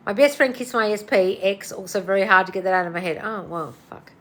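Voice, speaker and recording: Talking fast in a medium-pitched, slightly bright voice, a weary woman coach runs a livestream Q&A. Her manner is casual and blunt, she yawns from tiredness, and every listener gets called darling.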